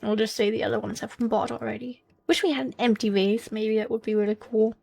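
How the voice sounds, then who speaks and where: A woman's voice: on the high side, steady tone, fast talker, creaky, mellow. A woman with a slight German accent, thinking aloud as she hosts a casual gameplay commentary, musing and hesitant. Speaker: let's play host.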